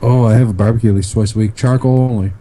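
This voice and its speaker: A man co-hosting a casual online chat, telling stories with lots of fillers and pauses. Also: lowish voice, steady tone, dark tone. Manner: rambling storyteller, many fillers. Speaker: podcast co-host.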